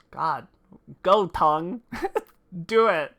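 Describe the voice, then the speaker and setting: A young woman streaming a game with relaxed, wry commentary, reading the dialogue aloud as she plays. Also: fairly low pitch, a little slow, long pauses. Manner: relaxed, wry asides with swearing.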